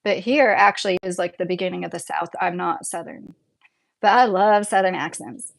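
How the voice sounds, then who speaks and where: A woman's voice: fairly low pitch, moderate pace, gravelly. A woman in her thirties or forties with a Midwestern accent, rambling casually as she hosts a livestream and reads chat, laughing often. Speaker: livestream host reading chat.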